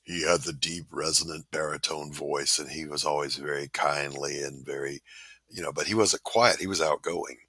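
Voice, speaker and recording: A man hosting a casual chat, telling folksy, animated stories and reading out comments. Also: a bass voice, normal speed, husky, dry recording, low-quality recording.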